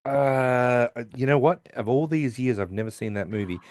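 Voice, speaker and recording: A podcast co-host rambles through a recap of a sitcom episode in casual chat, quoting each character's lines with plenty of restarts. He speaks at ordinary pitch and normal speed, his voice dry and close with no echo or room around it.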